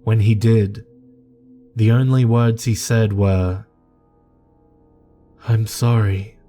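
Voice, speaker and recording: A man giving slow, measured, grave scripted horror narration. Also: lowish voice, steady tone, warm tone. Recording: narration over faint music.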